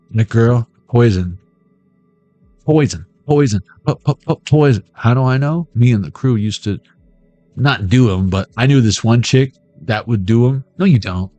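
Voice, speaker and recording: A man's voice: on the low side, normal speed, darkish tone, no echo, faint music behind. A man giving a rambling, playful pick-a-card tarot reading, riffing from joke to joke. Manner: playful, riffing, jumps between jokes and impressions.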